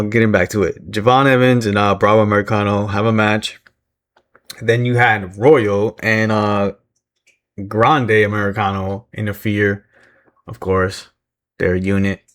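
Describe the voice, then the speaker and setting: A man with a slightly low voice talks through a recap in a loose, rambling way. He fills gaps with "uh" and "um", chuckles often and pokes fun at himself. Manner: rambling, self-deprecating, many fillers and chuckles. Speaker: wrestling recap vlogger. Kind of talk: casual recap commentary.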